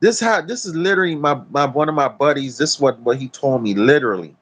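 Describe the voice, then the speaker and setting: A man's voice: a little high, fast talker, a bit bright. Profane, preachy man ranting outdoors. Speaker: vlogger. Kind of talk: blunt talk-to-camera rant. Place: outdoors in nature.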